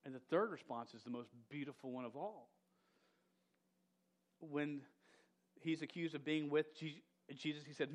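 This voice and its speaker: A man's voice: on the high side, normal speed, long pauses. A man preaching a casual, emphatic sermon who often stumbles and restarts words and drops slang like "dude".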